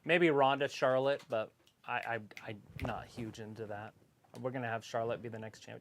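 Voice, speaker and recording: A man's voice: mid-range voice, fairly even intonation, normal speed, a little hiss or hum. A man co-hosting a casual livestream watch-along, tossing out offhand, laid-back opinions.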